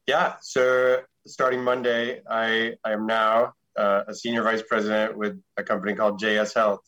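A man speaks as a guest on a podcast, describing his work. His voice is fairly low, and he pauses and restarts as he goes. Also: poor audio. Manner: halting, relaxed explanations. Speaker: guest, forensic accountant. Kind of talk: casual interview.

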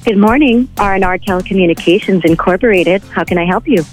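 A woman's voice: mid-range voice, fast, music in the background. A woman receptionist on a phone call, polite and businesslike.

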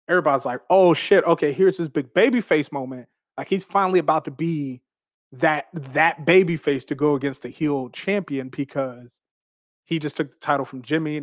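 A professional wrestler, a man, tells stories from his career in a casual, animated way, swearing freely and laughing between phrases. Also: fairly high pitch, no echo, clean studio sound.

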